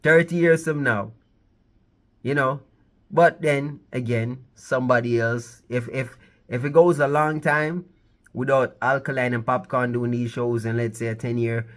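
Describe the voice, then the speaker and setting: A man's voice: mid-range voice, steady tone, a little slow. A man hosting his own channel, giving casual, rambling commentary on the music scene, repeating himself and playfully pleading with viewers. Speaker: channel host.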